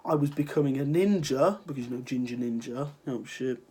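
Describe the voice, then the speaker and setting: A man's voice: mid-range voice, a little fast, darkish tone, slightly rough. A teenage lad with a cold, sniffling through a rambling, sarcastic rant to his viewers. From Ireland. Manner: sarcastic, rambling, swears freely. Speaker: vlogger. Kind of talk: casual ranting vlog.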